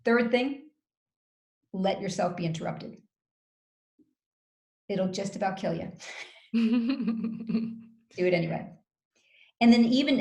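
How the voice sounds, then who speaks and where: A woman giving communication advice as an interview guest, explaining step by step in a measured way with deliberate pauses, over a video call. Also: mid-range voice, creaky, darkish tone. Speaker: communication skills guest expert. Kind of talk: coaching advice in conversation. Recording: roomy echo.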